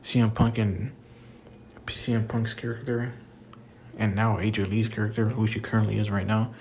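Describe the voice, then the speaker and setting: A man's voice: lowish voice, little pitch movement, normal speed, a little mellow, slight background noise. A young man in a casual, exasperated rant about wrestling, swearing a lot and calling the listener "bro". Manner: profane, exasperated, says "bro" often. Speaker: wrestling commentator vlogger.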